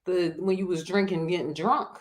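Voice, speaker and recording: Speaking at normal speed in a voice on the low side, a Philadelphia-accented woman co-hosts a live chat show. She gets animated and emotional, occasionally singing.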